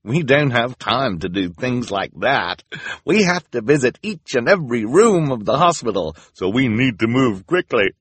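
A man voicing a breezy bearded male volunteer with a guitar, brisk and dismissively cheerful, for an audiobook. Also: mid-range voice, very animated, a bit bright, husky, dry recording, pitched above the performer's own voice.

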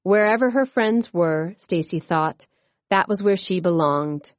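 A woman narrating a children's chapter book in a clear, expressive reading. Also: on the low side, unhurried, no echo. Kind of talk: storybook narration.

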